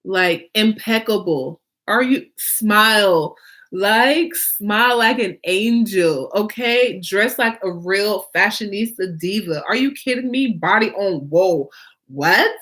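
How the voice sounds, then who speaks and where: Taking it slowly in a medium-pitched voice, this woman runs her own fashion vlog as a designer and host. Her casual, animated delivery is emphatic, full of repeated phrases, rhetorical questions and fillers.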